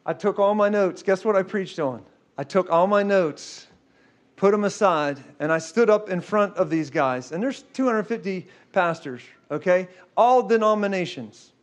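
A man preaching a sermon, telling a story in a lively way and often stopping to ask "okay?" and "guess what". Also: high voice, normal speed.

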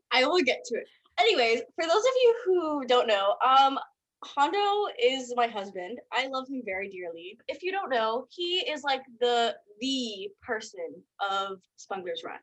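Young woman, slightly high voice, giggly rambling podcast co-host. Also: sing-song, unhurried, fairly bright tone, rough recording. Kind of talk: casual chat.

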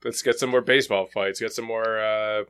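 Bright-voiced rambling male podcast host. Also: on the low side, steady tone, normal speed, clear, resonant tone. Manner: rambling, profane, lots of fillers and restarts. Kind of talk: casual sports chat.

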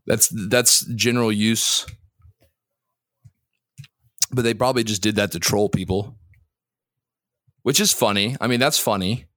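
A man hosting a podcast in casual chat, asking teasing, probing questions with quick restarts. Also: on the low side, fairly bright tone, no room sound, clean studio sound. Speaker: podcast host.

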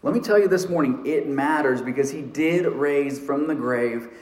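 Male pastor, slightly high voice, earnest story-driven sermon, echoey sanctuary sound. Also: a little mellow. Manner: earnest storytelling preacher, slows for emphasis. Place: church sanctuary.

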